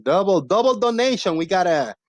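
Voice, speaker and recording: A man hosting a livestream, chatting casually and reading out donation shout-outs with thanks. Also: sits high, very animated, fairly quick, no echo. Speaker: stream host.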